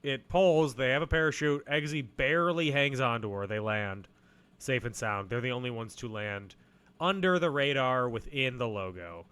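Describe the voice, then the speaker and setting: A man's voice: mid-range voice, moderate pace, a bit bright, clear, resonant tone. A young man co-hosting a podcast, casually recapping a film with playful jokes. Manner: playful, jokey, breaks into silly voices. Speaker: podcast co-host.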